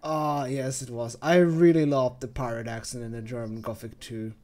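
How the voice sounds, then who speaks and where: A man's voice: mid-range voice, fairly even intonation, moderate pace, a little mellow. A man casually commenting over his own old gameplay video, chatty and amused at himself.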